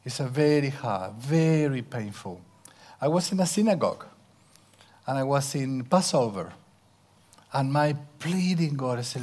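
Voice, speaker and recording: Middle-aged male preacher, slow and intimate, wide pitch swings, hushed asides. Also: lively intonation. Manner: slow, intimate, drops to whispers for emphasis. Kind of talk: sermon.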